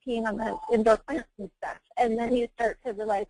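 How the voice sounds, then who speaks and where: Adoptive mom on a webinar call, lively storyteller, laughs a lot, dry close sound. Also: female voice, on the high side, fairly quick, few pauses, no room sound, low-quality recording. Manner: animated, acts out quotes, laughs often. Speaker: adoptive mother, guest. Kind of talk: candid conversational storytelling. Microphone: webinar call mic.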